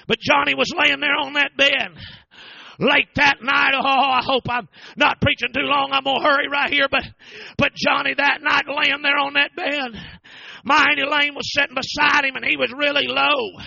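Gravelly high-voiced preacher. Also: male voice, little pitch movement, sharp tone, no room sound, dull audio. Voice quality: fervent, drawn-out preaching delivery. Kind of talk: storytelling sermon.

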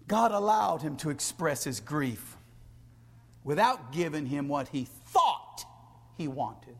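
High-voiced, slow preaching man. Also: sing-song, slightly rough. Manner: swings from hushed whispers to shouted praise; reads scripture in King James style. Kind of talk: sermon.

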